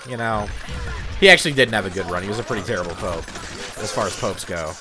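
A man's voice: lowish voice, fast, over music. A man doing profane, joking commentary over a video game he is playing. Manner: profane, excitable, sarcastic jokes while playing. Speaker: let's play commentator. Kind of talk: gameplay commentary.

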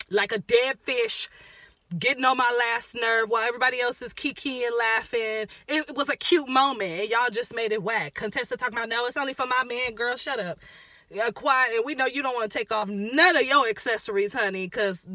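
A woman giving a sassy, profane rant recapping a reality show, throwing in dramatic asides and sometimes dropping her voice low and quiet. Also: dry recording. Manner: drops voice low and quiet at times. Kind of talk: ranting recap commentary.

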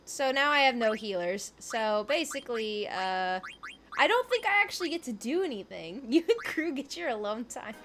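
A woman's voice: a little high, big pitch swings, normal speed, fairly bright tone. A young adult woman streaming a video game live, chatting casually with viewers, giggling and reading game lines aloud. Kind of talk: casual live gameplay commentary. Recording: game music playing under the voice.

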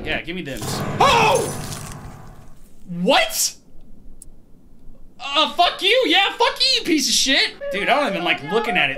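A gaming host giving let's play commentary on a horror game, talking to the objects on screen and swearing and yelping at the scares. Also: medium pitch. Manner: excitable, swears and shouts at scares.

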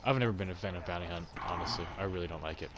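A young British man in casual, crude gaming banter with friends, teasing and bursting into loud shouts. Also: low-pitched, very fast. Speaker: gamer. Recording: noisy gameplay chat recording.

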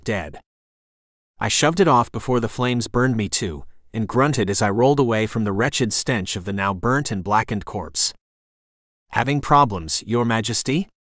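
A man's voice: on the low side, a bit bright, no echo. Man narrating a fantasy audiobook, dry sound.

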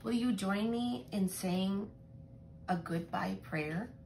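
A woman telling a Bible story to young children in a gentle, expressive way, often asking them questions. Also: medium pitch, slow pace, creaky, a little hiss or hum. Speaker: children's Sabbath school teacher.

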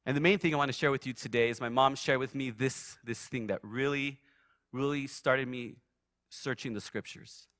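Bright-voiced man preaching a vivid testimony. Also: medium pitch, fairly even intonation, moderate pace, no echo, clean studio sound. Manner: vivid storyteller, surging loud then dropping soft. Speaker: guest preacher. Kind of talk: sermon with personal testimony. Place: church sanctuary.

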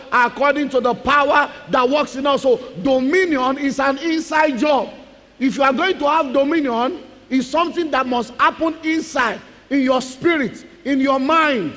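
A man's voice: very high-pitched, a bit bright. A male pastor preaching emphatically, repeating key lines and calling out to the congregation. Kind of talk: preaching sermon. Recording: long reverb of a large hall.

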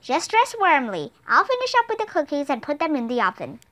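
A woman reading aloud and voicing a calm, caring mother in a storybook, matter-of-fact in manner. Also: high-pitched, fairly quick, full character voice.

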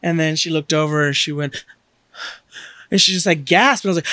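A man's voice: on the high side, fast, no room sound, studio quality. A man hosting a podcast, chatting casually and acting out quoted lines as he tells stories. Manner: animated storyteller, acts out quotes. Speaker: podcast host. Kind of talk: casual chat.

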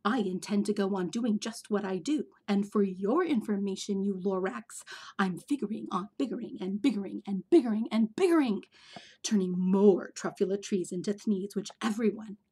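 A woman's voice: mid-range voice, expressive, normal speed, mellow, breathy edge. A woman reading a storybook aloud, voicing a greedy male factory owner who talks back defiantly and insistently.

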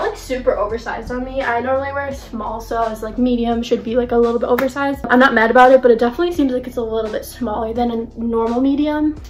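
A teenage girl vlogging an unboxing, gushing and excitable, with lots of fillers. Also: on the high side. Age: teens. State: out of breath. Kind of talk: casual unboxing vlog.

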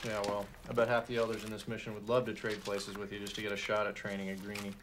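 A man's voice: on the low side, completely flat delivery, quick pace, background noise, natural voice. An actor playing a young male missionary, easygoing and level-headed, in film dialogue. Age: young adult.

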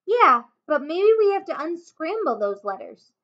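A woman's voice: very high-pitched, very animated, unhurried, voice pushed up, exaggerated voice. Woman doing a worried, stammering young boy. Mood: anxious. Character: anxious young boy, bookish and careful. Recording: dull lo-fi home recording.

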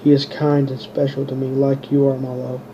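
A man's voice: mid-range voice, completely flat delivery, moderate pace, dull audio, slight background noise, natural voice. A man reading the lines of a cool, commanding young princess in his own plain voice, without putting on a female voice. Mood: calm. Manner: plain, barely changed reading voice.

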